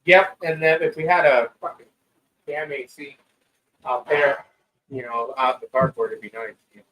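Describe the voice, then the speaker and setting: A man hosting a podcast in casual chat, relaxed and quick to agree. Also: medium pitch, recorded from a distance, low-quality recording. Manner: laid-back, chimes in with short agreements.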